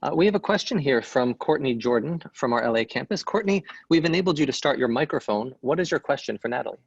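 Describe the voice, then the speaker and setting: Man, moderator, quick brisk delivery, husky, dry lo-fi sound. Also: medium pitch, animated, no room sound. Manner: brisk, scripted introductions. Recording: dull dry lo-fi line.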